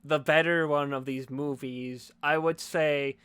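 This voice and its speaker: A man's voice: a little high, fairly even intonation, a little slow, a bit bright, smooth, no echo. A young man hosting a podcast, chatting casually and joking, sometimes acting out characters in a raised voice. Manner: jokey, acts out characters in raised voice. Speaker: podcast host. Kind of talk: casual chat.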